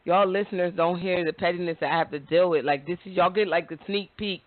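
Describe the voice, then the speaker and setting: A woman's voice: on the low side, fairly even intonation, fast, no room sound. A woman hosting an internet radio talk show, chatting casually, laughing and teasing her co-hosts back with mock exasperation. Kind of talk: casual chat. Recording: phone-like, dry audio.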